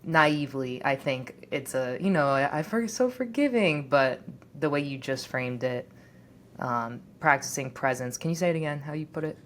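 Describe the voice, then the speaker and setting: Low-voiced woman podcast host. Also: moderate pace, slight background noise. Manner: reflective, repeats guest's phrases back. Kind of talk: podcast interview.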